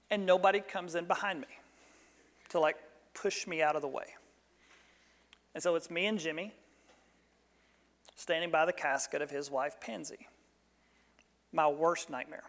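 A male pastor, likely in his thirties, telling a personal story in a sermon with animated delivery that jumps loud on quoted lines. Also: high voice, in a large hall.

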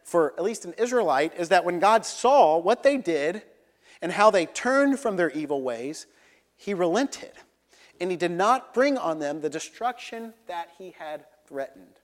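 Young preacher in a reverberant hall. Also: male voice, expressive, unhurried. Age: young adult. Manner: earnest, dropping to a low hush for emphasis. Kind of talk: sermon.

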